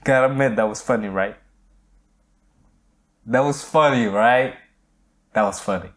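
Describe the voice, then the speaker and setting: A man's voice: mid-range voice, a little slow. A man co-hosting a podcast, teasing his co-host in playful, slangy casual chat about a film.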